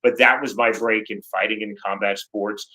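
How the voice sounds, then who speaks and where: A man who commentates fights, speaking as a guest in a casual interview. His voice is bright and forceful. He talks in an emphatic, articulate way. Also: on the low side, steady tone, moderate pace, rough recording.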